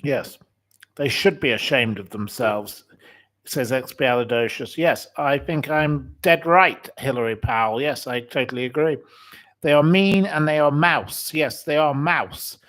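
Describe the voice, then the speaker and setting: A man's voice: mid-range voice, measured pace, fairly bright tone. A man in his forties hosting his channel, ranting indignantly and piling up one insult after another. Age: 40s. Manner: indignant, repetitive, heaps up insults. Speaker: channel host. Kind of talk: ranting livestream commentary.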